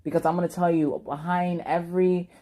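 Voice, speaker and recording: A young woman pours out an impassioned vlog monologue in a low, husky voice. Her tone is mellow and dark, and she curses and stumbles over repeated words as she rants. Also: little pitch movement, brisk. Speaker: vlogger. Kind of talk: emotional personal monologue.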